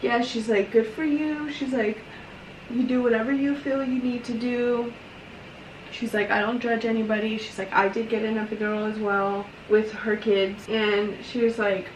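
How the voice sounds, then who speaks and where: A young woman tells a long personal story while she does her makeup, chatty and emotional, with "like" in almost every sentence. Her voice sits a little high. The sound is roomy and comes from a mic set some distance away, with a faint hiss behind her. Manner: chatty, filler-heavy, emotional retelling. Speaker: vlogger.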